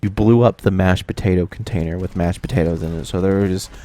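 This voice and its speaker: A young man telling a casual storytime vlog, animated with exaggerated reactions. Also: sits low, quick pace. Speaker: video creator.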